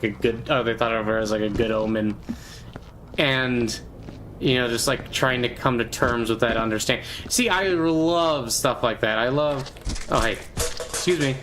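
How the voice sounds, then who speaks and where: A man chats casually during a gaming stream, rambling and playful, using lots of fillers and bursting into squeaky silly voices. His tone is fairly bright, and the audio is poor with slight background noise.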